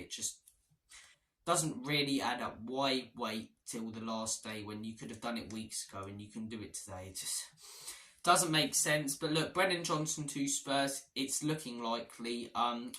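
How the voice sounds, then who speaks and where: A man's voice: medium pitch, pushed and bright. A man, a football fan vlogger giving transfer news in an exasperated, repetitive rant. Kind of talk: ranting transfer-news vlog. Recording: roomy echo.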